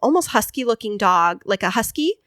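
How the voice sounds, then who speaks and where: A woman in her thirties co-hosts a podcast and tells a story in a relaxed, chatty way. She acts out the voices of the people she quotes. Her voice sits at a medium pitch and sounds close and dry. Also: brisk, no echo. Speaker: podcast co-host. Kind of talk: casual storytelling chat.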